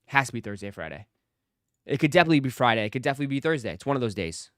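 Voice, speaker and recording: A man's voice: mid-range voice, very animated, racing, no room sound, studio quality. A man hosting a casual livestream, talking straight to his chat viewers and repeating phrases for emphasis. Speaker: livestream host.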